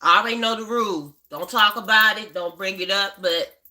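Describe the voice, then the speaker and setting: A woman's voice: medium pitch, fairly quick, bright, forceful tone. A middle-aged woman hosting a casual livestream, chatty, greeting viewers by name and repeating herself. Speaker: livestream host.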